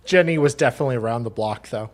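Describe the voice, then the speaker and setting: An Australian woman putting on a deep-voiced, crude, wisecracking man who throws in dry one-liners. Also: racing, darkish tone. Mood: deadpan.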